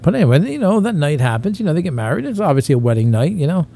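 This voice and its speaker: A man's voice: fairly high pitch, big pitch swings, racing, vocal fry, mellow, breathy edge. A man hosting a comedy podcast, rambling in crude banter and slipping into mocking voices.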